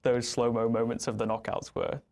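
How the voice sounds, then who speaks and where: Young male game-designer guest, relaxed casual chat, mid-range voice. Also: medium pitch, normal speed, vocal fry, crowd noise. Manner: relaxed, with fillers and restarts.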